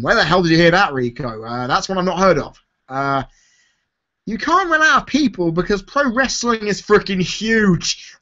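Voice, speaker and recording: A man's voice: sits high, fairly bright tone, lo-fi sound. A young man hosting a live question-and-answer chat for his viewers, talking candidly and rambling as he answers. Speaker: YouTuber host. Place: home, seated in a chair.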